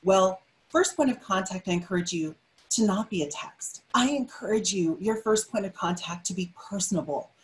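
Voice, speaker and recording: A middle-aged woman giving a motivational webinar talk, energetic and emphatic, often repeating her key phrases. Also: mid-range voice, normal speed, poor audio. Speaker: webinar speaker.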